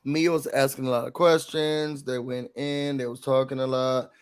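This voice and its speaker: A man co-hosting a casual TV recap show, animated, acting out quotes in a raised voice. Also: mid-range voice, moderate pace, clean tone.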